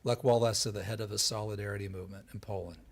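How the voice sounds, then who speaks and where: A man giving a lively storytelling talk on history before an audience, acting out the voices of the people he quotes. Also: on the low side, racing, creaky. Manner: animated, acts out quoted voices. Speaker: lecturer. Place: event hall before an audience.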